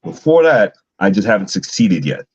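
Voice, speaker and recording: A man on a podcast panel, making his argument in a measured way. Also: fairly low pitch, big pitch swings, slightly rough, highs cut off. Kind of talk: casual panel talk.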